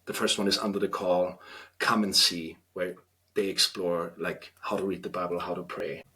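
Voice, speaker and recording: A man in his thirties with an Austrian German accent, a guest on a podcast interview, talking earnestly and reflectively with halting restarts. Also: low voice, flat delivery, sharp tone. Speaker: podcast guest, trainee priest.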